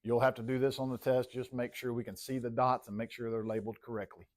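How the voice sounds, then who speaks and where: A man's voice: medium pitch, level tone, fast talker. Man teaching a math class. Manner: talking while plotting on the board, quizzing students by name. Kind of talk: classroom lecture.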